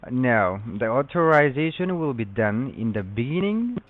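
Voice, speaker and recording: A man's voice: medium pitch, big pitch swings, moderate pace. A man acting as a phone support agent, speaking in formal, repetitive stock phrases. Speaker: phone scammer. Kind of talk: scripted support call. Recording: tinny phone line.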